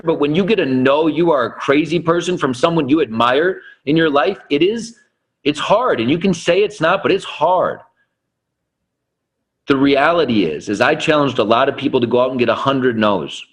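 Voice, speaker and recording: A man giving an energetic, preachy motivational training talk on a conference call, acting out sales conversations. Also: fairly high pitch. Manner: energetic and preachy, acts out dialogues. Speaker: network marketing trainer.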